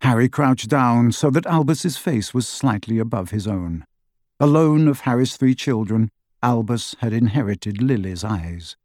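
A man narrating an audiobook in a measured, expressive storytelling manner, recorded close in a studio. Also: mid-range voice, no room sound. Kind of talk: scripted narration. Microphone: close studio mic.

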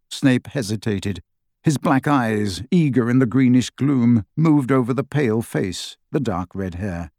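Man, audiobook narration, lively, varied pitch, mid voice, dry close sound. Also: dry recording. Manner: expressive, measured storytelling. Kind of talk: scripted narration.

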